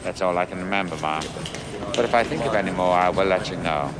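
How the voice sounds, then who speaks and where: An actor playing an icy, taunting killer. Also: male voice, sits low, a crowd in the background, natural voice. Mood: mocking. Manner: slow, mocking, coldly menacing. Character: icy, taunting middle-aged male killer psychiatrist. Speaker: film character. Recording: noisy film soundtrack clip.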